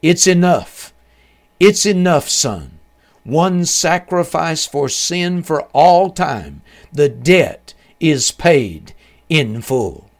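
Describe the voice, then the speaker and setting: Radio-drama God the Father, mighty and commanding, resounding and raised high, as a male narrator puts him on. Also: sing-song, drawn-out words, hardly any pauses, sharp tone, heavily acted. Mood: triumphant.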